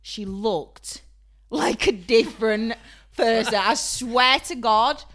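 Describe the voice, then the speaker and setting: A young woman with a broad Yorkshire accent, co-hosting a podcast in lively casual chat and laughing often. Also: on the high side, slow pace, slight background noise. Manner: animated, laughs often, bursts loud. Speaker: podcast co-host.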